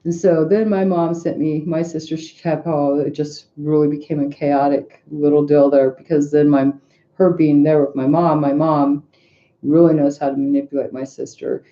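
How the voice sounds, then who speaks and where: A middle-aged woman talks casually in a very dark, mellow voice, circling back with restarts and asides as she tells a story. The recording sounds dull and lo-fi. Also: sits low, little pitch movement, normal speed. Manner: rambling, frequent restarts and asides. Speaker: tarot reader.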